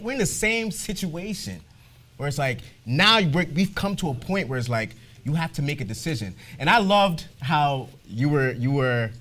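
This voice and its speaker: Man with a lively, expressive voice. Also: on the high side. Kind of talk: church discussion.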